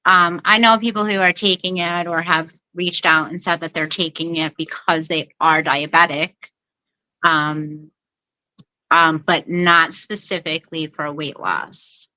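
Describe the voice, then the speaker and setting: A woman with a lower voice that still sounds bright and forceful co-hosts a casual podcast. She answers hesitantly, with lots of "um" and "like," and her tone stays smooth and clear. The sound is dry and close to the mic. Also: steady tone, a little slow, no room sound, poor audio. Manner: hesitant, many fillers and restarts.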